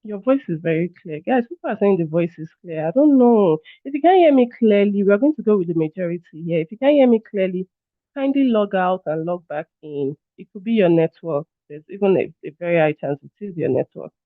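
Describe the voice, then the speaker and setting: A man's voice: high voice, expressive, a little fast, no room sound. A man leading a live online training session over a video call, chatty and apologetic, often calling his listeners "guys". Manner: apologetic, checks on the audience. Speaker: workshop trainer. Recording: tinny phone-like online call audio.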